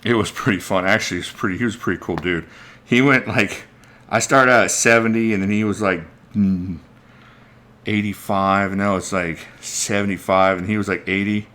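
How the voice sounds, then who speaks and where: A man with a fairly low voice chats loosely through a livestream as its host. He rambles, thinks aloud and stops to greet viewers by name, with a faint room ambience behind him. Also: fairly even intonation, moderate pace, a bit bright, slight background noise. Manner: reads out viewer names mid-talk. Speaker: knife channel host. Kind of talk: casual livestream chat.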